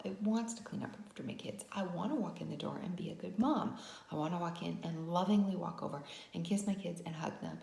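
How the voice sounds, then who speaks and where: A woman's voice: fairly low pitch, vocal fry, mellow, echoey room. A woman vlogger telling a personal story as a lesson, talking conversationally with frequent "right?" asides. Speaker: wellness vlogger.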